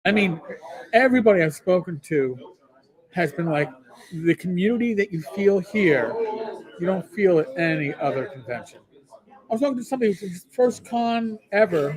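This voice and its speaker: A man's voice: high-pitched, animated, normal speed, poor audio. A man on a casual live podcast, retelling conversations and quoting the people he spoke to. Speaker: podcast co-host. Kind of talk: casual live chat among friends.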